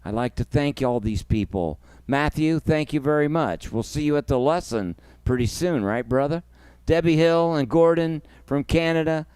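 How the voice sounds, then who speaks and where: A man's voice: a little high, moderate pace, a little mellow, clean tone, no echo. A man hosting his own music livestream, talking emotionally and effusively, thanking viewers and guests by name. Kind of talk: casual livestream chat.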